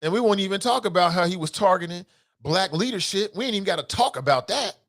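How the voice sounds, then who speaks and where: A man with a Cincinnati accent hosts a solo talk show with a voice pitched a bit high. He sounds impassioned and a little profane, getting loud one moment and dropping to muttered asides the next. He reads listener comments between his rants. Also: animated, fast.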